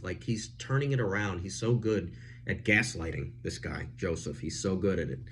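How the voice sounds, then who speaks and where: A man chatting casually as he reviews a film, animated and full of fillers. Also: low voice, moderate pace, slight background noise.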